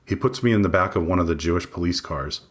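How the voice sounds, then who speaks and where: A man reading his own memoir aloud in first person, measured, matter-of-fact and wry. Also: low-pitched. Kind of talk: first-person audiobook narration.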